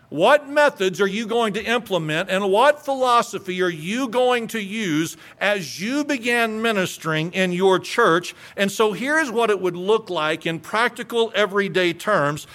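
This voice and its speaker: High-pitched slow preaching man. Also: fairly bright tone. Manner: slow, emphatic preaching with repeated rhetorical questions. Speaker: pastor. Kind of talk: sermon.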